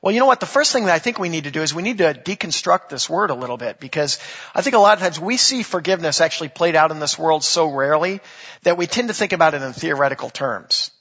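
High, bright husky-voiced preacher in a hall. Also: male voice, animated, quick pace. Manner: conversational preaching with jokes and asides. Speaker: pastor. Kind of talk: sermon. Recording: echoey hall, dull lo-fi sound.

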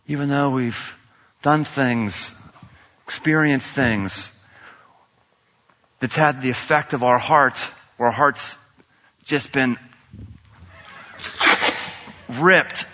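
A man preaching a sermon, swinging dramatically between loud outbursts and hushed, intimate lines. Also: medium pitch, unhurried. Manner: dramatic, swings from shouting to near whisper. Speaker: pastor. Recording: dull sound in a large reverberant hall.

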